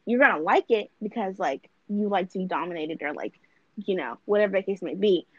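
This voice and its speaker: A woman's voice: medium pitch, animated, fairly quick, breathy edge, no echo, muffled recording. A young woman co-hosting a podcast, talking bluntly and rambling with lots of fillers and swearing. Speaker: podcast co-host. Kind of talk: casual chat.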